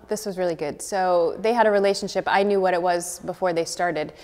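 A woman acting teacher explaining an exercise to her class in a clear, encouraging, conversational way. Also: on the low side, fairly even intonation, quick pace, few pauses, darkish tone. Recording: long hall reverb.

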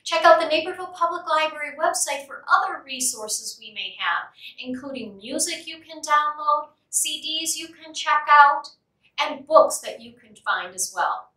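A woman leading a music and movement program for toddlers, singing simple songs and talking in a slow, sing-song, cheerful way. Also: high voice, expressive, pushed and bright, far from the mic. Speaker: children's music program leader. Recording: echoey room, voice a bit off-mic.

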